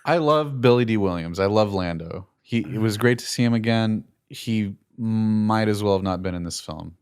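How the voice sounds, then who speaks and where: Guy reviewing a movie casually, lowish voice, jokey, does little character voices. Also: moderate pace, smooth. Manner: animated, jokey, slips into quoted character voices. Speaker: film reviewer.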